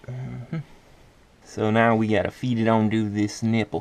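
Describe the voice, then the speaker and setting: A man's voice: lowish voice, level tone, measured pace, slight background noise. A man talking casually through a car part install, muttering to himself and swearing while he works under the car. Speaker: car DIY vlogger.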